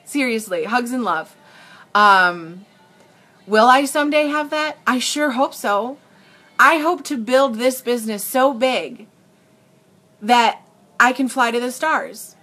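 This young adult makeup seller speaks slowly with long pauses, her voice a little high and sharp in tone. Chatting to live stream viewers, she's emotional and earnest and tends to restart sentences; a tablet records her.

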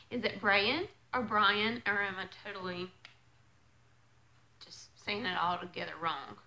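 Excitable, bright-voiced woman vlogger. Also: mid-range voice, low-quality recording. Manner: gushing, excitable, chatty with frequent exclamations. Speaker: vlogger unboxing a clothing subscription box. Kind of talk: casual unboxing chat.

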